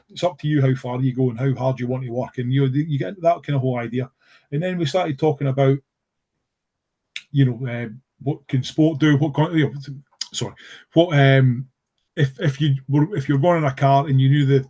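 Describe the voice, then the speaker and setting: A man's voice: medium pitch, dark tone. A middle-aged man from Scotland with a Scottish accent, telling stories in a casual podcast chat, rambling with lots of fillers and restarts, earnest about his subject. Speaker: podcast guest. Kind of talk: casual conversational storytelling.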